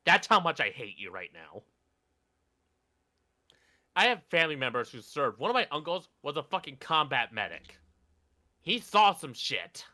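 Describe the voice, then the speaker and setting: A man's voice: on the high side, sing-song, normal speed, pauses often, sharp tone. A man co-hosting a reaction commentary, ranting indignantly with plenty of swearing. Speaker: co-host.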